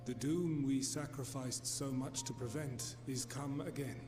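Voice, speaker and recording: A man gives voice to an awakened ancient spirit who speaks slowly and gravely, every word formal and weighty, as if each one costs him. His voice rings with echo as game music swells clearly beneath it. This is a video game cutscene. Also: mid-range voice, fairly even intonation, close to an everyday voice. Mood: solemn. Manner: grave, measured, formal speech. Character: solemn ancient male emissary, awakened spirit. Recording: echoey game audio under music.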